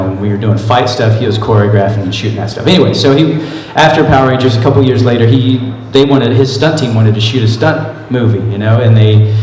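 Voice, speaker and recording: A man's voice: medium pitch, a little mellow. A man answering fan questions at a convention panel, telling casual rambling anecdotes and laughing often. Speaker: convention panel guest, voice actor. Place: large convention hall. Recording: echoey hall with crowd. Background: audience murmur.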